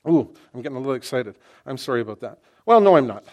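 In a quick, medium-pitched voice, a middle-aged preacher gives an animated sermon that feels like conversation. He keeps restarting sentences as his excitement carries him.

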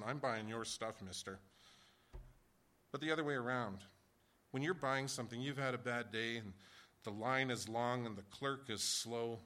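A man preaching in a casual, conversational way, firing rhetorical questions at his listeners. His voice is bright and forward, mid-pitched, and he gets loud when he acts out a story. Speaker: pastor. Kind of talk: sermon.

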